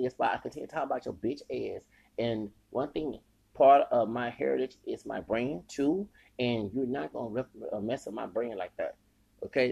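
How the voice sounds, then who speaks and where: A man's voice: mid-range voice, gravelly, darkish tone, husky, low-quality recording. A man hosting a podcast, giving heated, rambling commentary with frequent stumbles and repeated words. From United States. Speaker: podcast host. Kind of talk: ranting commentary.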